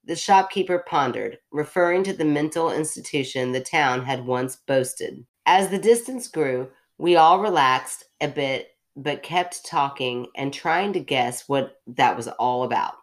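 Low-voiced woman reading a story. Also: expressive, measured pace, few pauses. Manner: chatty, self-interrupting, laughs at herself. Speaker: podcast host reading a story. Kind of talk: story reading with chatty asides.

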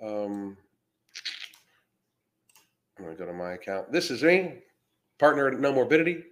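His mid-range voice is fairly bright, swinging widely in pitch at a normal speed. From Florida, he hosts a podcast livestream, reads out comments, and ridicules trolls with casual, brash profanity.

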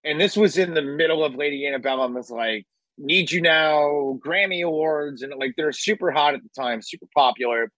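A man in casual chat, telling a radio story with lively acted-out quotes and casual swearing. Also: a little high, moderate pace, no room sound, poor audio.

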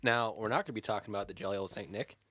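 A young man hosting a podcast in casual, joking chat, swinging between dramatic and flat delivery. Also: on the low side, racing, dry recording. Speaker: podcast host.

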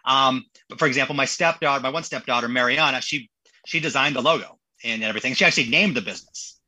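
A man in his thirties, a podcast guest telling stories in a casual, animated way and acting out the people he quotes. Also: mid-range voice, fast talker, no room sound, poor audio. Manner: animated, acts out quotes in voices. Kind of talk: casual storytelling.

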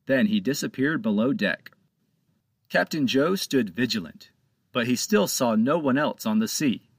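Man, storybook narrator, lively pitch, dry close sound, medium pitch. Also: measured pace, husky, no room sound. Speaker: author and narrator.

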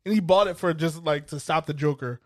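A man co-hosting a casual comedy podcast, joking and putting on quick voices for game characters. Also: a little high, dry recording, clean studio sound. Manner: animated, jokey, slips into put-on voices of game figures. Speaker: podcast co-host.

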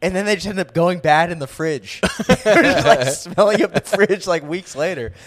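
Young male podcast co-host, slightly high voice, laughs through his stories, loose casual chat. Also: normal speed. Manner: laughs often while telling stories; says "dude" and "like" a lot.

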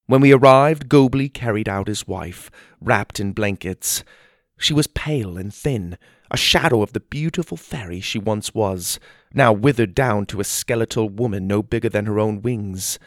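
A male narrator reads a children's fantasy story with animated, expressive delivery. His low voice has a gravelly texture. The recording is dry and close. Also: moderate pace, no echo. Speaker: audiobook narrator.

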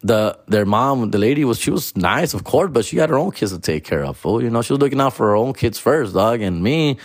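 A man's voice: medium pitch, expressive, a little fast, no echo, studio quality. A young man telling a profane, casual story, mixing Spanish and slang.

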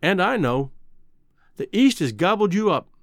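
A man's voice: high voice, big pitch swings, moderate pace, fairly bright tone, no echo, clean studio sound, voice pushed up, full character voice. A man doing a scornful blustering cowhand. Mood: mournful scorn. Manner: blustering folksy drawl, scolding. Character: gruff scornful Western cowhand, adult man.

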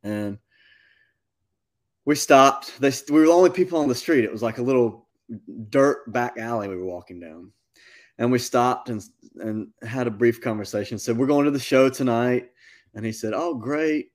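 A man, a musician guest telling a long story in a casual, animated interview. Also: medium pitch, normal speed. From North Carolina. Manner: animated anecdote-telling, with quoted asides.

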